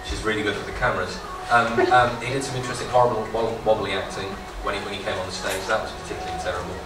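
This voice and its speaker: A man's voice: lowish voice, fairly even intonation, rapid-fire. A man as a judge at a comedy poetry contest, giving a dry, mock-pompous critique. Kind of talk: comic judging critique. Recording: echoey room, distant mic, music behind.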